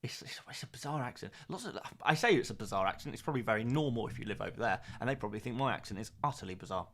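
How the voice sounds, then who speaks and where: Gravelly and a bit bright, this man's low-ish voice is expressive and very fast. Streaming fantasy football live, he reads viewer comments aloud and answers them in a chatty, joking way, laughing often and using lots of fillers.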